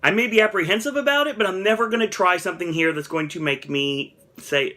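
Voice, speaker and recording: Bright-voiced man reviewing snacks. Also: high voice, quick pace. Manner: chatty, candid, mildly dramatic about flavors. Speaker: food review vlogger. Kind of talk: casual taste-test commentary.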